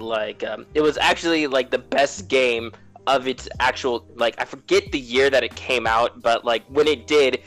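A man chatting loosely on a gaming podcast, his thoughts spilling out in long, meandering runs packed with fillers and curse words. His voice sits at an ordinary middle pitch over a call connection. Soft music plays faintly underneath. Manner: rambling, heavy on fillers and swearing. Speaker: podcast co-host. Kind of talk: casual gaming chat.

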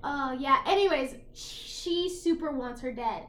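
A young woman with a high voice chats casually on a podcast, recapping a story and slipping into the characters' voices as she goes. She swears freely. The room is echoey. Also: unhurried, few pauses, slight background noise. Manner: animated retelling with quoted dialogue, swearing, laughing. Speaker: podcast co-host. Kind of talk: casual chat. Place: apartment.

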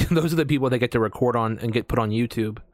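A man's voice: mid-range voice, fast, no echo. American man, casual podcast host, rambling and profane, dry close-miked sound. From United States. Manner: rambling, swearing, many fillers and restarts. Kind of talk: casual chat.

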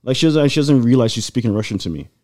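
A man in casual chat, telling a long personal story in a rambling, animated way with lots of fillers. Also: medium pitch, fast. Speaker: guest.

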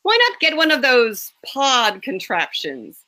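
A woman voicing a snooty, dry-witted wealthy man with a put-on English accent, speaking in a slow, haughty drawl. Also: fairly high pitch, sing-song, bright, forceful tone, no echo, full character voice.

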